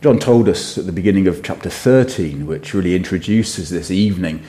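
A middle-aged man preaching a sermon in an earnest, measured way with emphatic phrasing. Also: deep voice, mellow.

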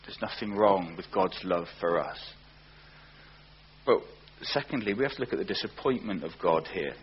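A man preaching a sermon, earnest, often slowing down and repeating words for emphasis. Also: low voice, animated, husky. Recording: dull lo-fi recording with faint hum.

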